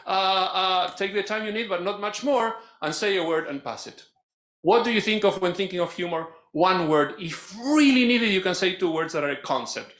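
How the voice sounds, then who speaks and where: A man facilitates a live workshop session in a playful, animated way. His voice sits slightly high. The room has a strong echo around him. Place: conference room. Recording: echoey room.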